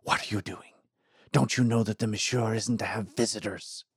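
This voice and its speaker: A man's voice: lowish voice, fairly even intonation, moderate pace, breathy edge, dry recording, studio quality. A man voicing a severe, hostile female nurse who speaks in snappish, curt bursts. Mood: snarling.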